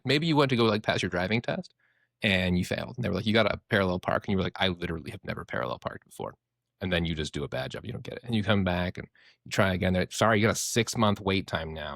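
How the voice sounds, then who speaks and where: Casting: young male therapist, quick and animated, low voice, dry close mic. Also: no echo. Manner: animated, swears casually, acts out inner voices. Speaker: therapist, podcast co-host. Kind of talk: casual podcast explanation.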